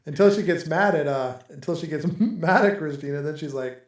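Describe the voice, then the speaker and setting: A man's voice: fairly high pitch, a little fast. Easygoing man rambling in an echoey room. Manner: rambling, easygoing, laughs often. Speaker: podcast host. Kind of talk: casual chat. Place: home in Texas.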